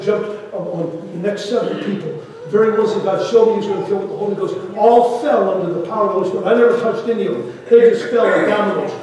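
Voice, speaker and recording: An older male preacher tells his story from the pulpit, his high voice swinging between loud outbursts and near-whispers. He sounds far from the mic, in a big hall that rings with a long echo. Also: a little hiss or hum. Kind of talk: sermon testimony. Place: large church hall.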